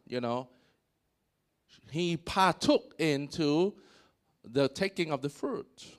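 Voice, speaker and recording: Animated male preacher. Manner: animated, voice swells on key points and drops low after. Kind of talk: sermon.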